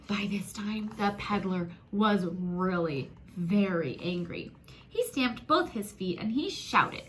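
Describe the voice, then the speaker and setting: A woman reading a children's picture book aloud, animated and gasping, talking to young listeners as friends. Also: mid-range voice, slow pace, a little hiss or hum. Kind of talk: expressive children's story read-aloud.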